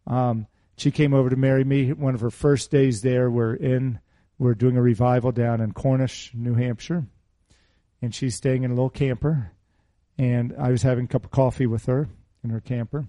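Man, middle-aged, preacher, sermon, conversational, mellow voice. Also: mid-range voice, flat delivery, moderate pace, no echo. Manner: conversational, asks the audience questions. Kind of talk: sermon with personal story.

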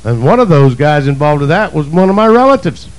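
Male preacher, fairly high-pitched, emphatic sermon delivery with loud and quiet swings. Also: big pitch swings, brisk, low-quality recording. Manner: emphatic, swings between shouting and low asides.

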